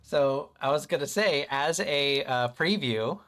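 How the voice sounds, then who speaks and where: A man live-streaming casually to his chat, playful and excitable, joking about himself and rambling as he sets things up. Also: fairly high pitch, a little slow, over loud music. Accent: American. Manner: playful, chatty, self-deprecating, excitable.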